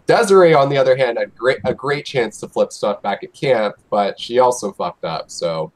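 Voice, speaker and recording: A man's voice: mid-range voice, expressive, moderate pace, poor audio. A man co-hosting a casual group chat, frank and opinionated, swearing freely.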